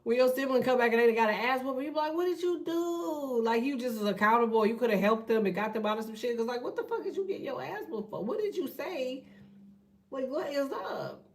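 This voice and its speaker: A woman hosting a tarot channel, talking in a blunt, profane, fast casual rant. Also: fairly high pitch, far from the mic. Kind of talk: casual ranting monologue.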